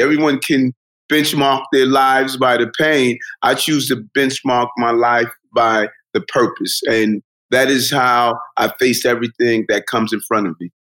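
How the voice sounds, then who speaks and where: A man's voice: mid-range voice, a bit bright, rough recording. A middle-aged man, a podcast guest telling his life story in an earnest, motivational way. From Brooklyn, New York.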